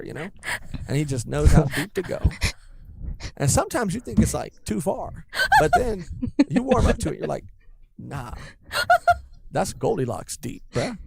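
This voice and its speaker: Young podcast cohost, gravelly, swings up and down a lot, hyped and jokey. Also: medium pitch, a little hiss or hum. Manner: excitable, joking, slangy. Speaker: podcast co-host. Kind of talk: casual chat, reaction podcast.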